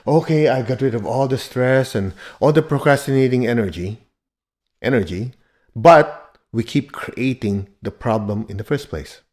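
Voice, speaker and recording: A man's voice: mid-range voice, a little mellow. Blunt, emphatic male spiritual teacher. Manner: emphatic, blunt and joking, with bursts of laughter. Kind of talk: motivational teaching talk.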